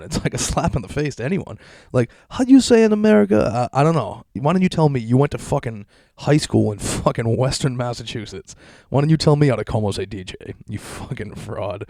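A man's voice: on the low side, a little mellow, dry recording, clean studio sound. A young adult man hosting a solo podcast, ranting in a profane, sarcastic, mocking way with frequent laughter. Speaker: podcast host.

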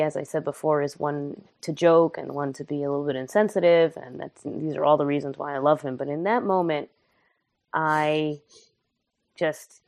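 Low-voiced woman telling a candid story. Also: a little mellow, dry recording. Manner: candid, humorous, emotional. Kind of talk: casual storytelling.

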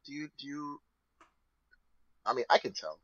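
A man in casual chat, animated and laughing often, breaking into high squealing imitations. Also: moderate pace, lo-fi sound.

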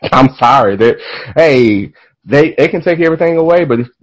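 A man hosting a podcast in casual chat, animated and profane, drifting into tangents and laughing as he talks. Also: mid-range voice, moderate pace, low-quality recording. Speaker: podcast host.

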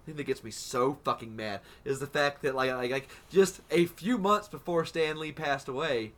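A man on a casual podcast, ranting in profane bursts full of halting restarts. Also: mid-range voice, fairly bright tone. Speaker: podcast co-host. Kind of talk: casual chat.

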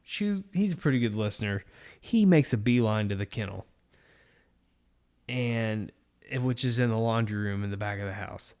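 A man in his thirties, a podcast co-host, telling a story in casual chat, animated and swearing a lot. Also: lowish voice, normal speed, long pauses.

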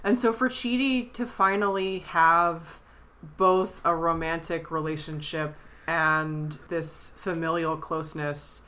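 A woman with a low yet bright, ringing voice chats casually as a podcast co-host. She is tearful and animated, slipping into high, squeaky impressions of the characters as she retells scenes. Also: slow pace. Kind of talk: casual chat.

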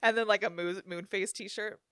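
A woman chatting casually as a podcast co-host, telling an animated story full of "like" fillers. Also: medium pitch, normal speed, background noise. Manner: chatty and animated, many "like" fillers, bursts of laughter.

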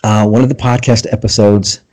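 A man's voice: on the low side, level tone, brisk, darkish tone. Enthusiastic laughing podcast host, a man. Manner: enthusiastic, laughing often, acting out his own thoughts as quotes. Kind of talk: casual interview chat.

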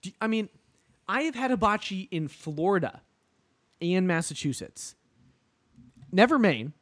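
Animated, rambling podcast co-host man. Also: sits high, unhurried. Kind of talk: casual comedic chat.

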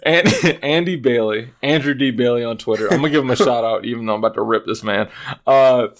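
A man's voice: mid-range voice, fast talker. A young man hosting a casual sports podcast, rambling with restarts and sarcastic asides. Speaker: podcast host. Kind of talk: casual chat.

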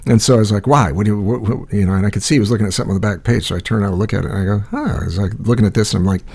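A man's voice: lowish voice, steady tone, racing, vocal fry, dark tone, husky. A man from Iowa co-hosting a casual chat, rambling and profane, telling stories with frequent restarts.

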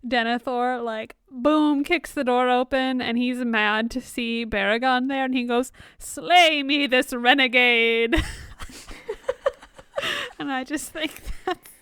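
A woman in casual conversation about a book, unhurried and amused, reading quotes aloud. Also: sits high, steady tone, smooth, dry recording, studio quality. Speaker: book discussion co-host. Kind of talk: casual chat.

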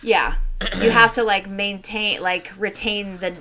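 A woman's voice: mid-range voice, fairly even intonation, a little slow, sharp tone, a little hiss or hum. A woman co-hosting a podcast in casual chat, talking loosely with many "like"s. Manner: loose, rambling talk full of "like". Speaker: podcast co-host.

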